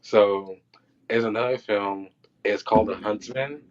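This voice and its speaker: Guy on a podcast telling set stories, lowish voice, kinda dull lo-fi sound, acts out the quotes. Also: unhurried. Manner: loose and animated, acting out quotes and reactions. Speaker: podcast guest, film crew electrician. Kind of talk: casual storytelling.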